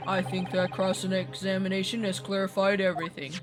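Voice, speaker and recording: A woman reading a formal older male judge in a measured, stately manner. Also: medium pitch, little pitch movement, over music, pitched below the performer's own voice, lightly acted.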